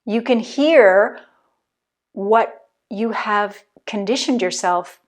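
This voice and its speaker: A woman's voice: medium pitch, takes it slowly. Woman podcast host, earnest coaching delivery, addresses the listener directly. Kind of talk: motivational podcast talk.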